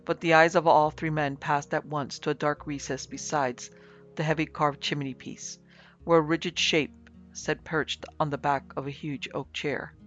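A man narrating a classic ghost story in a formal, dramatic reading, in a slightly muffled recording with soft music. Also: a little high, little pitch movement, normal speed. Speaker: narrator and producer. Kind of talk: audiobook narration.

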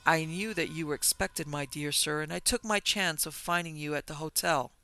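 A man reading a flattering, effusive gentleman in an audiobook, full of elaborate courtesy. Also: fairly high pitch, moderate pace, creaky, clear, resonant tone. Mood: gushing. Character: oily, flattering middle-aged gentleman.

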